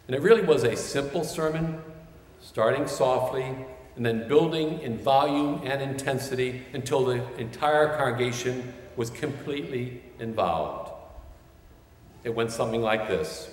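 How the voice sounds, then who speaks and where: A man preaching a sermon as pastor, measured and building toward shouted refrains. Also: mid-range voice, lively intonation. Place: large church sanctuary. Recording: roomy church with long reverb.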